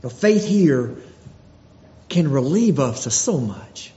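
A man's voice: on the high side, big pitch swings, slow pace, dark tone. A man preaching a sermon, earnest, repeating phrases and restarting his sentences as he goes. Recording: dull lo-fi recording in a reverberant hall.

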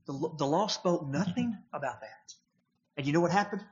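A man's voice: on the high side, animated, normal speed, lo-fi sound. A man preaching a sermon, emphatic and posing rhetorical questions to his congregation.

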